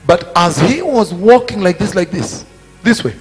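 A man preaching a sermon at a conference, repeating his phrases emphatically and building to shouted peaks. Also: high voice, sing-song, normal speed, husky. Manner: emphatic and repetitive, rising to shouted climaxes. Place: large conference hall. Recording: reverberant hall with faint music.

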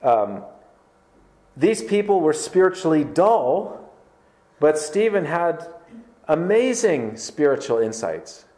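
A man's voice: a little high, very animated, slow pace, long pauses, warm tone. A man preaching a sermon as pastor, emphatic and conversational, firing rhetorical questions at his congregation. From Canada. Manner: conversational with filler words.

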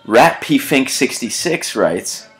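A man's voice: mid-range voice, sing-song, slow pace, fairly bright tone, faint music behind. A man chatting casually with his roommate, amused and laughing often as he reads comments aloud. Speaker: video creator reading comments. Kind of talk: casual chat.

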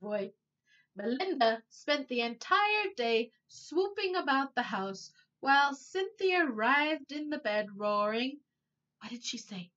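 A woman teacher reads a children's storybook aloud at an unhurried pace. Her voice is high and very lively, rising and falling expressively. The recording sounds dull and lo-fi. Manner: animated and expressive, with asides.

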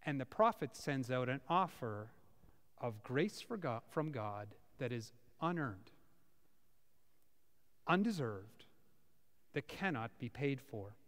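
Animated preacher with a dramatic delivery. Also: male voice, medium pitch, slow, long pauses. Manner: dramatic, swings from loud to hushed. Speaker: pastor. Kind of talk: sermon. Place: church, before about fifty people. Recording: reverberant church hall.

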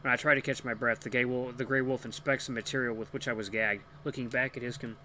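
A man's voice: mid-range voice, steady tone, fast, few pauses, background noise. A man hosting a gaming channel, reading a visual novel aloud expressively with occasional slips.

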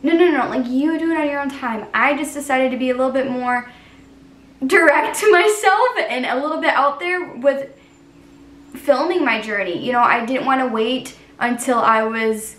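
A woman's voice: high-pitched, moderate pace, a bit bright. A woman artist hosting her own channel, talking to camera in an earnest, encouraging way. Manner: earnest, encouraging, frequent "like" fillers. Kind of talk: casual vlog talk to camera. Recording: roomy sound, voice from a distance to the mic.

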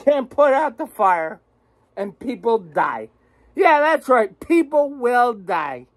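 A woman's voice: a little high, very animated, slow pace. A woman delivering a profane political rant as a vlogger, cursing, mocking and cackling.

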